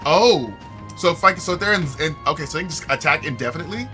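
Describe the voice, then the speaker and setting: Bright, joking streamer guy. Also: a little high, fast. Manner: animated, joking, talks to chat. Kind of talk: casual gameplay commentary. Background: game music.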